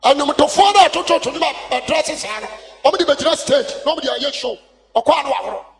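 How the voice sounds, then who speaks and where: A man with a Ghanaian accent preaching a sermon as an evangelist, impassioned and shouting, calling for responses from the congregation. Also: very high voice, expressive, brisk, soft background music. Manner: impassioned, shouting call-and-response preaching mixing two languages. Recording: long hall reverb.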